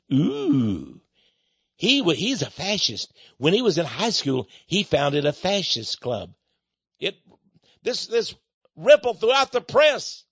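A man's voice: sits high, a bit bright, dry recording, muffled recording. A man hosting a radio talk show, ranting in an angry, emphatic, sarcastic way. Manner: angry, emphatic, sarcastic, rises and drops sharply.

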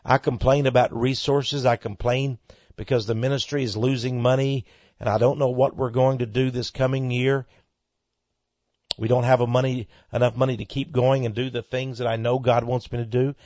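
A man's voice: mid-range voice, little pitch movement, moderate pace, darkish tone, dry recording, dull audio. A man hosting his own radio ministry program, reading a listener's letter aloud and then preaching in a folksy, earnest way that swells into fervent exclamations.

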